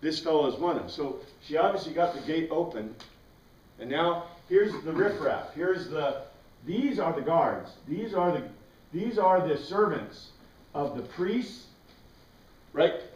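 A man leads a relaxed Bible study, wandering off into asides and then circling back to the passage. His voice sits a little high for a man. He is picked up from some distance in an echoey room. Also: slow pace, lo-fi sound. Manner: rambling, conversational, with many asides and restarts. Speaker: Bible class teacher. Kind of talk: informal Bible study lesson. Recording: roomy sound, mic at a distance.

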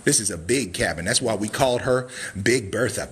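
Male livestream host selling cabins; hyped showman energy, whoops and catchphrases, lively swooping delivery, bright forceful tone. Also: on the low side, normal speed. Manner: whooping and drawling "baby" asides. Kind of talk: live walkthrough sales stream.

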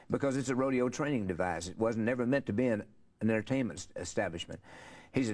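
Older man, fast folksy storytelling, low voice. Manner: rambling, folksy storyteller with many fillers. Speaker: interview guest, country singer. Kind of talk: casual storytelling interview.

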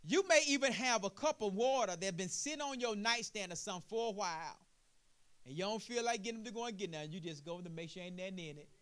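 A man preaching a sermon as pastor, throwing out "what?" prompts to the congregation and building to loud, emphatic passages. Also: high voice, quick pace.

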